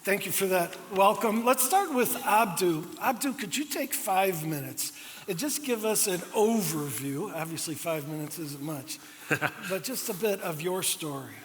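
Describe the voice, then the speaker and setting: A man moderating a live event, easygoing and unhurried as he hands over to a speaker. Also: high voice, expressive, slight background noise. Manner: easygoing, slow, with a light laugh. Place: church auditorium.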